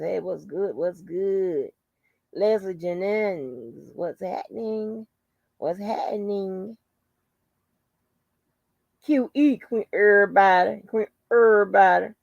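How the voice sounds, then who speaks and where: A woman's voice: medium pitch, creaky, mellow, no echo, highs cut off. Blunt, profane woman chatting on a live stream. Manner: greets viewers by name, blunt and profane. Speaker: channel host. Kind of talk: casual live-stream chat.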